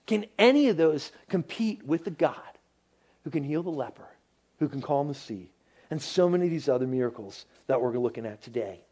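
A man delivers a conversational sermon in a fairly high voice. He speaks in a casual, animated way and sometimes drops to a hushed near-whisper. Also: fairly quick, breathy edge. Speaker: pastor.

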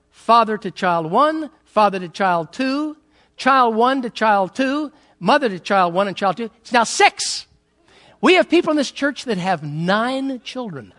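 A man preaching a sermon as a pastor in church, telling stories and acting out family arguments. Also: very high-pitched. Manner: animated storytelling, acts out family quarrels.

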